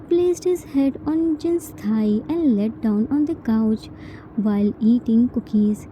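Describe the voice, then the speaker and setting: A woman reading a fan-fiction story aloud as its narrator, in a slow, careful manner. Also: on the high side, muffled recording, a little hiss or hum.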